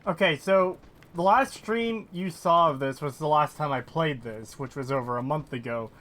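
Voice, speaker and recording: A man's voice: a little high, normal speed, fairly bright tone. A man playing a game on stream, chatting casually and swearing while he plays. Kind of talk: casual gameplay chat.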